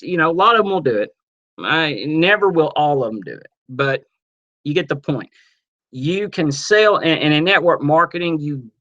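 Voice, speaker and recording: A man teaching a webinar on network marketing, casual and energetic, acting out little sales dialogues as he goes. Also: a little high, lo-fi sound. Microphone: computer mic on a webinar.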